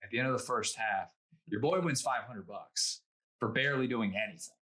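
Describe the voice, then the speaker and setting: A man on a sports panel, chatting quickly and teasing his co-hosts. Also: lowish voice, sharp tone. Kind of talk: casual panel chat.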